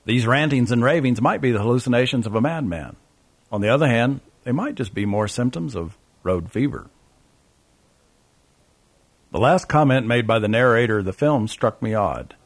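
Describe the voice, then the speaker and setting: A man's voice: medium pitch, lively intonation, normal speed, no echo. A man narrating a travel memoir in a wry, sardonic way.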